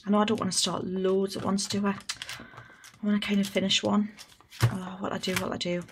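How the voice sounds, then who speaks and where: A young woman with a Geordie accent, a budgeting vlogger host, chats casually and thinks aloud while cash stuffing, sorting money for her budget. Her mid-range voice keeps a level tone at a normal speed, with background noise in the recording.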